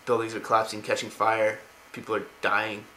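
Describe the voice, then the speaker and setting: A man's voice: lowish voice, monotone, a little fast, sharp tone, a little hiss or hum, poor audio. A man casually retelling video game lore, rambling with many fillers.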